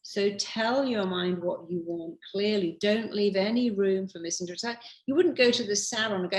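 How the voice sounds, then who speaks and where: A woman's voice: medium pitch, fairly quick, hardly any pauses. An older woman giving emphatic advice as a podcast guest, acting out quoted voices. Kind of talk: animated advice talk. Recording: roomy echo.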